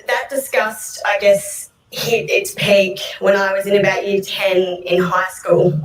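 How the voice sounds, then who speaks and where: A woman with an Australian accent telling a personal story to a live audience, with wry, self-mocking humour. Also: mid-range voice. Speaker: storyteller on stage. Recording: echoey room, voice distant from mic.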